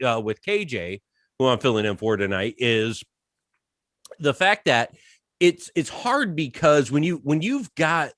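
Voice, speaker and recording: A man filling in as podcast co-host in casual chat, emphatic and animated, often restarting his sentences. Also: mid-range voice, no echo, studio quality.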